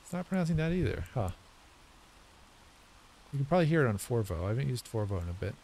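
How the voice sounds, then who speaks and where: In a fast, sing-song delivery, a man with a mid-range, darkish voice talks himself through practice in a new language, guessing at words and self-correcting as he pronounces them. It's casual think-aloud commentary, and there's a slight hiss or hum in the audio.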